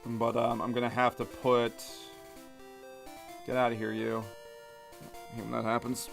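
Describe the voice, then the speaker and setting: A man's voice: mid-range voice, completely flat delivery, unhurried, creaky, music in the background. A man giving casual commentary over a video game, hesitant and stammering, often repeating words. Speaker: gaming video host.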